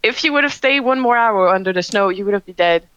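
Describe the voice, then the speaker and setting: A woman voicing a kind humanoid hermit woman who speaks gently and reassuringly. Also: medium pitch, lively intonation, fast, clean tone, no room sound, dull audio, lightly acted. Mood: gentle.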